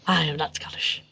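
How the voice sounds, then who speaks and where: A woman's voice: sits low, gravelly, fairly bright tone, husky, poor audio. A woman running a tabletop game as game master, chatty and giggly, often stumbling and repeating words. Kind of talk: casual tabletop game narration.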